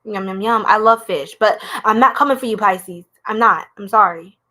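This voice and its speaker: A woman's voice: medium pitch, moderate pace, bright, forceful tone. A young woman, doing a live tarot reading in a playful, goofy, slangy way and laughing often. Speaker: tarot reader.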